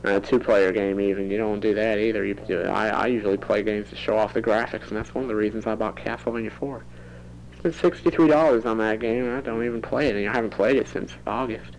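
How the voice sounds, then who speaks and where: A man's voice: on the low side, fairly even intonation, fast talker, vocal fry, a little hiss or hum, poor audio. A teenage boy rambling into a home cassette recorder for his audio diary, chatty and prone to giggling. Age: teens. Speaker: student keeping a tape diary.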